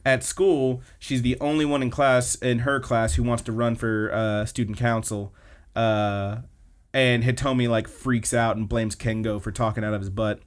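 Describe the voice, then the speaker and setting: A man's voice: mid-range voice, level tone, normal speed, smooth. A man co-hosting a podcast, casually recapping anime episodes in a rambling way with lots of fillers. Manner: rambling, filler-heavy retelling. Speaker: podcast co-host.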